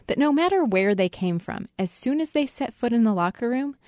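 A woman hosting a public radio talk show, moving between scripted narration and interviews in a clear delivery. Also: a little high, expressive, a little fast, darkish tone, no echo, clean studio sound.

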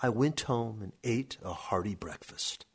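A man reading a story aloud in a steady, measured narration. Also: fairly low pitch, slightly rough.

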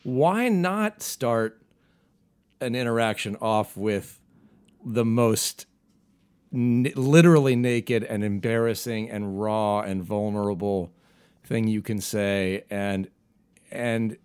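A man's voice: fairly low pitch, darkish tone, smooth, no echo. Reflective man co-hosting a podcast. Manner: reflective, halting, many restarts. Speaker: podcast co-host. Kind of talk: casual conversation.

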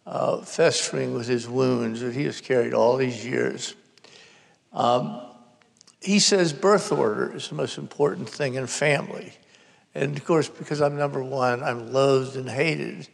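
Slow, gravelly older man telling a story. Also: medium pitch. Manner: wry, comic storytelling. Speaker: novelist guest. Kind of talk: storytelling at a live public conversation. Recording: reverberant hall at a live event.

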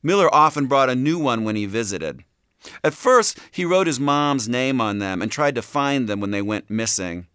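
A male audiobook narrator with a smooth, resonant voice and animated pitch. He reads steadily, recorded dry and close in a studio. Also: normal speed, dry recording. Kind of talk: scripted narration.

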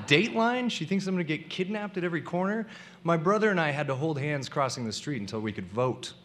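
A man's voice: mid-range voice, a bit bright, slight background noise. A young man telling a comic personal story to a live audience, acting out the people he quotes.

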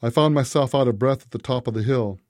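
Dark-voiced man narrating a story. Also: mid-range voice, quick pace, dry recording, clean studio sound. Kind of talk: scripted narration.

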